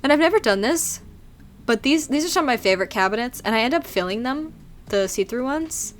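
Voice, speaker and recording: A woman's voice: high voice, expressive, fairly quick, a little hiss or hum. A young woman, chatting and rambling in a casual voice-over about her game build, giggly and self-deprecating. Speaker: YouTuber narrating a game build.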